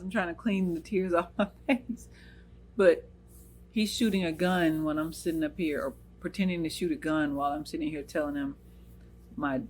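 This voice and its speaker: An American woman who hosts her own channel retells a personal story earnestly and emotionally, quoting what others said. Her voice is lowish and slightly rough.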